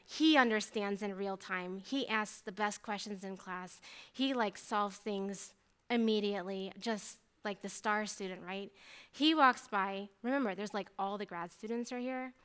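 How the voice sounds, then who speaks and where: With a fairly high, smooth voice, this woman in her thirties recounts her faith testimony as a mathematician. Her telling is lively and conversational, sprinkled with many asides.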